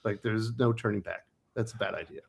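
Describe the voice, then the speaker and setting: A man's voice: on the low side, steady tone, fairly quick, vocal fry, slightly rough. A man hosting a casual podcast chat, blunt and opinionated, who swears freely. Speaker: podcast host.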